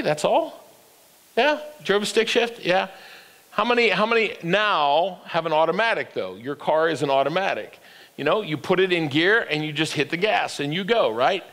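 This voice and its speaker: A man's voice: sits high, fairly bright tone, long reverb tail. An older man preaching a sermon as pastor, with call-and-response that climbs to emphatic peaks. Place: church sanctuary.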